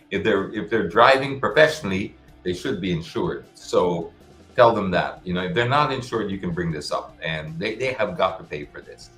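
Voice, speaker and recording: A man's voice: low-pitched, a bit bright. A middle-aged man hosting a live-stream show, answering viewer questions in a casual, frank way with many restarts. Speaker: show host. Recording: roomy echo with faint music behind.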